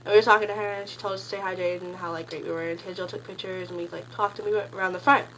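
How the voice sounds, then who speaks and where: A teenage girl telling a story in a casual vlog, gushing and rambling, packing her sentences with "like" and jumping into excited high squeals. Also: very fast, a little hiss or hum, low-quality recording. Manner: gushing, rambling, heavy use of "like"; bursts into high excited squeals when quoting. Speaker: concert fan recounting a meet and greet.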